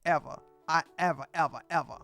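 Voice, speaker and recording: A woman's voice: sits low, a little fast, creaky, a bit bright, faint music behind. A woman giving casual reaction commentary, blunt and emphatic, lecturing in slangy speech. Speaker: commentary streamer.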